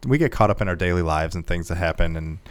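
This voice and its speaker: A man's voice: sits low, smooth, no room sound. A man co-hosting a casual gaming podcast, talking earnestly and repeating himself as he goes. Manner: earnest, quick, repeats words. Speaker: podcast co-host. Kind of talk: casual chat.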